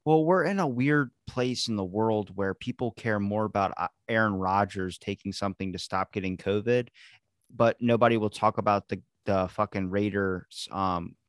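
Male host, casual and profane, animated storyteller, dry close mic. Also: on the low side, moderate pace, dry recording. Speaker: podcast host. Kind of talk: casual podcast chat.

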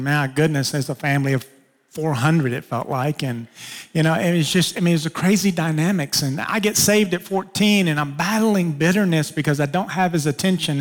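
A male pastor preaching a sermon, telling a personal story and acting out conversations. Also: long reverb tail. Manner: personal storytelling, acting out dialogue with sudden pitch jumps.

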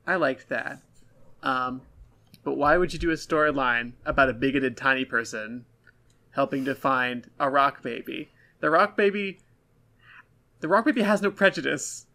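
A man's voice: mid-range voice, normal speed, long pauses, bright, forceful tone. A man co-hosting a casual podcast, giving blunt, self-deprecating critiques of an episode. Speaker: podcast co-host. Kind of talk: casual review chat.

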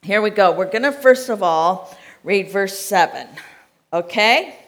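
A woman's voice: medium pitch, lively intonation, a little slow, fairly bright tone. An American woman preaching a sermon, reading scripture aloud and checking in with her listeners in a conversational way.

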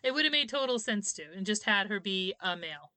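A woman co-hosting a casual podcast, calmly explaining plot points and often laughing. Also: medium pitch, brisk, dry recording. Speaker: podcast co-host. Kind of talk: casual fan chat about an anime.

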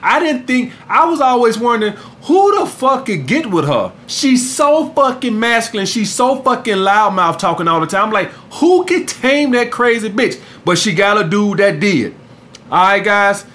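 A man's voice: high-pitched, lively intonation, normal speed, a bit bright. A man giving dating advice in a podcast monologue, blunt and profane, who keeps saying "guys" and "all right?" to his listeners. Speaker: dating coach and podcast host.

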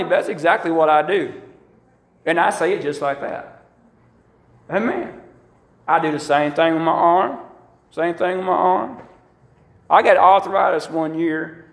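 A man's voice: a little high, a little slow, gravelly, long pauses. A middle-aged man preaching a sermon as pastor, telling folksy stories and acting out quotes. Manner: folksy, animated storytelling with acted-out quotes. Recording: echoey room.

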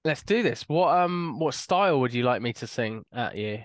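A woman co-hosting a music podcast, talking quickly and dryly in casual chat. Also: a bass voice, animated, dry recording. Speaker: podcast co-host.

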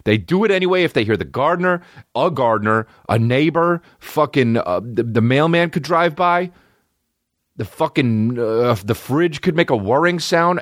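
A man in his thirties hosting a podcast from home, rambling in a casual, profane, animated way with lots of restarts. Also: on the high side, normal speed, no echo, studio quality. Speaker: podcast host. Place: at home, dogs nearby. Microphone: podcast microphone.

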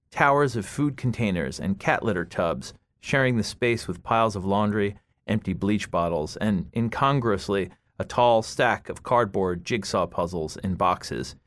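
Low-voiced man reading fiction aloud. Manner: measured, deliberate. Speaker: author reading his story. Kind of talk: literary reading.

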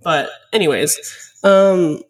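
A woman's voice: lowish voice, slow, distant mic, poor audio. A woman in her twenties hosting her own podcast, choked up and tearful, rambling openly with lots of "like" fillers. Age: 20s. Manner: rambling, heavy on "like" fillers, open and confessional. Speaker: podcast host. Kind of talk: casual solo podcast talk.

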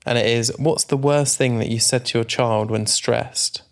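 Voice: mid-range voice, steady tone, moderate pace. A parent co-hosting a casual chat, laid-back and agreeable. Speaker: podcast co-host, parent.

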